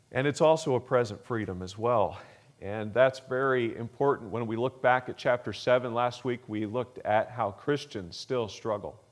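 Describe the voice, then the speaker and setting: A male pastor preaching a sermon, explaining scripture with rising emphasis and frequent uh fillers. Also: medium pitch.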